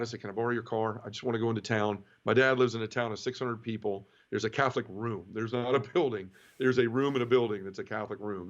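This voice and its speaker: A middle-aged man tells his story of faith in an earnest, heartfelt way. He stumbles and repeats words when emotion catches him. His voice sits at an ordinary pitch and comes through a slightly dull, lo-fi recording. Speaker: interview guest. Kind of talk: emotional personal testimony.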